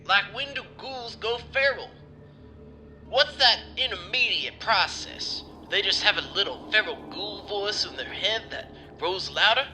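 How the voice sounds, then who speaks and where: Man, show host, high voice, slow delivery, musing, faint music. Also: bright, forceful tone. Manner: musing, asks himself questions. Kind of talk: rambling podcast intro.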